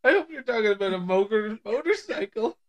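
A man's voice: sits high, animated, a little fast, pitched above the performer's own voice. A man voicing a goofy young male first-time inmate, teasing and jokey.

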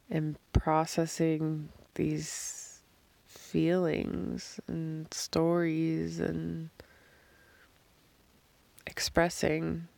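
Woman, hoarse and heavily gravelly, unhurried reflective voice diary, halting pauses, phone mic close overhead, dry and close. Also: deep voice, darkish tone, dry recording. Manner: slow, halting, thinking aloud with pauses. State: hoarse from screaming and crying. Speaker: podcast host. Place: outdoors in the desert at night, lying under blankets. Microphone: phone held above her face.

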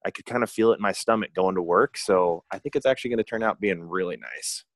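A man with a fairly low voice, talking in a loose, joking, rambling way as he co-hosts a podcast. The sound is dry and close, with no room around it. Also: quick pace, no echo. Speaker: podcast co-host. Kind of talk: casual chat. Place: travelling abroad, indoors.

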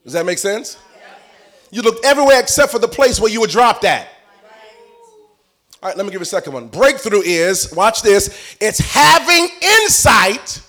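A man preaching a sermon in an animated way, telling stories with playful asides and building up to shouting. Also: sits high, normal speed, long pauses.

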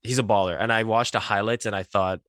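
A lower-voiced man talking through a story in casual podcast chat, animated and quick to laugh. The recording is dry and close, with no room echo.

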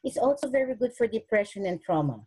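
A woman's voice: on the high side, animated, fast talker, dark tone, breathy edge, rough recording. A woman who is a nurse, speaking earnestly at a webinar and showing self-care techniques, often restarting her sentences. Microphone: webinar recording.

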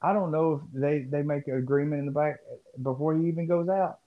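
A man's voice: on the high side, a little fast. A man co-hosting a podcast in casual chat, rambling and profane as he riffs. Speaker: podcast co-host. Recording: muffled lo-fi audio.

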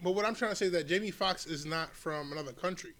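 A man in a casual podcast chat who asks questions and speaks haltingly. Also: sits high, a loud crowd. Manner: inquisitive, halting.

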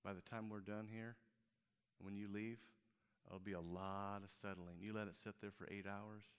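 A male pastor from Peoria, Illinois, preaching a sermon in an animated storytelling way, with frequent halting restarts. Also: on the low side, clear, resonant tone. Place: church.

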